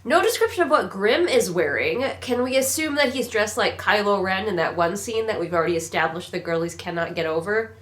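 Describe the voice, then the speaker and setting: A woman's voice: medium pitch, lively intonation, fairly quick, fairly bright tone. A woman giving a casual, sarcastic read-along critique of a book, mocking it as she goes. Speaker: book reviewer.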